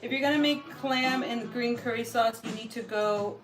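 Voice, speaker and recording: Woman from san diego cooking and chatting on a stream, kinda high voice, slangy, music going in the back. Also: moderate pace, poor audio. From San Diego, California, USA. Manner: chatty and slangy, reads viewer comments aloud. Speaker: livestream co-host cooking and chatting. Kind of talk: casual livestream chat while cooking. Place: home kitchen. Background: background music.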